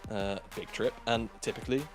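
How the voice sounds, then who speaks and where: A man's voice: lowish voice, steady tone, fairly quick, music in the background. A man co-casting a live esports broadcast, rambling playfully and often correcting himself mid-thought. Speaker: esports caster. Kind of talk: casual live esports commentary.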